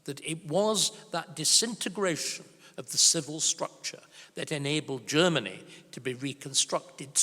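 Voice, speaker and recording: An older man, a historian, speaking at a conference in an emphatic, grave and forceful way. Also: medium pitch. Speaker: historian giving a conference talk. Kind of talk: conference speech and Q&A answer. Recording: reverberant conference hall.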